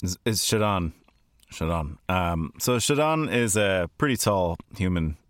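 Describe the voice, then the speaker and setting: Low-voiced rambling game player. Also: male voice, lively intonation, measured pace, a bit bright, no room sound, studio quality. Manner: rambling, many fillers. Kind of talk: casual chat, describing a character.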